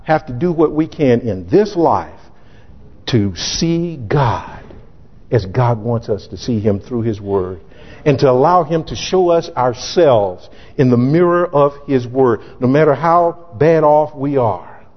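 A man preaching a sermon as pastor, emphatic and sometimes shouting, acting out scripture in character voices. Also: medium pitch, animated, slow pace. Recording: dull lo-fi recording in echoey hall.

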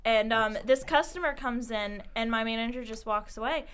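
A young woman with a slightly high voice tells a story in relaxed podcast chat. She laughs her way through it and keeps the pace lively. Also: moderate pace, clear, resonant tone. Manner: lively storyteller who laughs often while telling. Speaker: podcast co-host. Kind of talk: casual chat.

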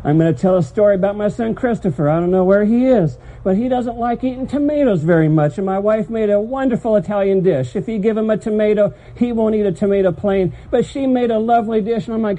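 Pastor guy preaching at church, really high voice but mellow, emphatic storytelling. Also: brisk, hardly any pauses, low-quality recording. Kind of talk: sermon. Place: church service.

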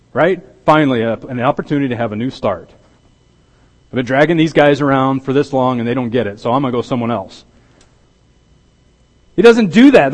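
A man preaching a sermon as pastor, emphatic and repeating words, swinging between loud stress and hushed intensity. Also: a little high. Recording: long hall reverb.

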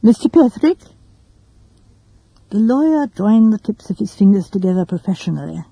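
A woman's voice: mid-range voice, animated, a little fast, gravelly, mellow, breathy edge, no echo, low-quality recording. A woman narrating a mystery story, giving the characters their own voices. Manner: gives characters distinct voices. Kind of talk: reading a mystery story aloud.

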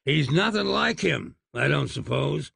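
A man's voice: a little high, expressive, measured pace, gravelly, fairly bright tone, breathy edge, no room sound, clean studio sound, heavily acted. A man voicing an exasperated, well-spoken young hero who talks with indignant precision in a storybook reading.

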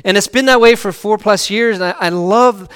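A man preaching a sermon as pastor, earnest, swelling louder on key phrases and dropping to a hush on scripture. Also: high voice, moderate pace, smooth, big-room sound.

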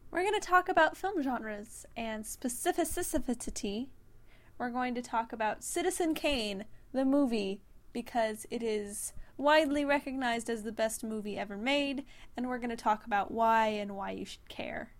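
A woman's voice: fairly high pitch, moderate pace. A woman co-hosting a podcast in casual chat, making dry, wry asides. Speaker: podcast co-host.

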